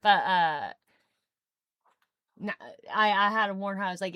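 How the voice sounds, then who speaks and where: A woman's voice: medium pitch, measured pace, pauses often, fairly bright tone, clear, resonant tone, no room sound. A young woman co-hosting a podcast, chatting casually and laughing often. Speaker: podcast co-host. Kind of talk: casual chat.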